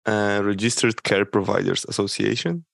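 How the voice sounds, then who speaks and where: Gravelly low-voiced joking man. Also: fairly even intonation, moderate pace, a bit bright. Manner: joking, swears freely, interrupts with questions. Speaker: podcast co-host. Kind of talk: casual chat.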